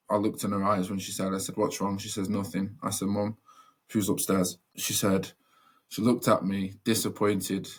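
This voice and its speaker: Young man, low-pitched, monotone, earnest storytelling, halting with fillers. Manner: earnest, reflective, many fillers and restarts. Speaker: podcast guest. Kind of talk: personal storytelling.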